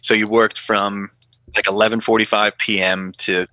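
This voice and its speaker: A former New York cop spins stories in a laid-back podcast chat, cursing freely and doing the voices of the people involved. His voice is fairly low and moves at a moderate pace, with no echo. He comes across as profane and animated.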